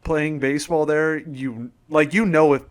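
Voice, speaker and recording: A young man hosting a casual podcast, telling stories in an animated way and acting out quoted lines. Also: fairly high pitch, measured pace. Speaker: podcast host.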